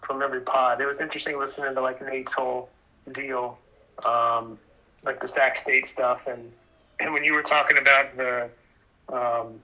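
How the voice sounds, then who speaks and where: A male podcast guest talks casually, stumbling over and repeating words as he thinks. His voice is very bright and sharp, and it comes through a dull, lo-fi remote line. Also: mid-range voice, flat delivery. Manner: hesitant, repeats words, halting.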